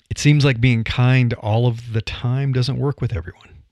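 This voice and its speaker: A man's voice: mid-range voice, moderate pace, darkish tone, no room sound. Blunt older Midwestern man on a podcast. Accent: Midwestern American. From Nebraska, US. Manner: blunt, plain-spoken, wry. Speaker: podcast host. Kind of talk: solo podcast monologue. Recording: dry, slightly dull audio.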